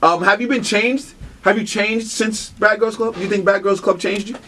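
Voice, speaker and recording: A man's voice: sits high, steady tone, normal speed, bright, forceful tone, a little hiss or hum. A man hosting an interview show, playful and teasing, joking with his guest. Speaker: interview host. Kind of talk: casual interview chat.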